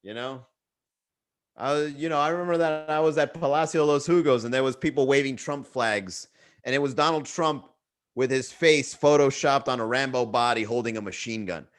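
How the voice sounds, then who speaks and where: A young man in Miami hosts a comedy livestream podcast, chatting casually in a loose, swearing, bro-talk storytelling style. His voice is medium in pitch and his pace moderate.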